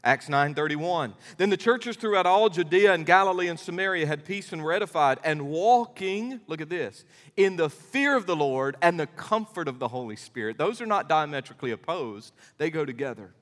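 A middle-aged pastor delivers a sermon in a high, lifted voice, folksy and emphatic as he tells his stories. The sound carries a long reverb from a church sanctuary. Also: moderate pace. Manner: animated storytelling preacher, folksy and emphatic.

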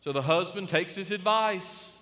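A man preaching a sermon to a church congregation, emphatic, with dramatic pauses and sudden swings between loud and soft. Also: high-pitched. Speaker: pastor. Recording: long reverb of a large hall.

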